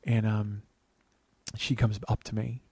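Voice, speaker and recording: A man in his forties telling a long personal story as host, profane, animated and self-mocking. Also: on the low side, slow, husky, dry recording. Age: 40s. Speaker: podcast host.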